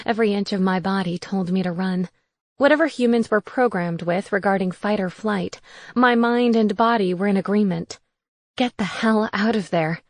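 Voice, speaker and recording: Woman audiobook narrator, wry and even, close dry studio mic. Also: mid-range voice, normal speed, no room sound. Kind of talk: first-person audiobook narration.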